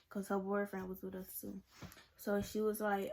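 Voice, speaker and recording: A woman's voice: mid-range voice, level tone, normal speed, creaky. A young woman, telling a personal story to camera in a rambling, casual way. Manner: rambling, many "like"s and "y'all"s. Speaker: vlogger. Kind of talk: storytime vlog.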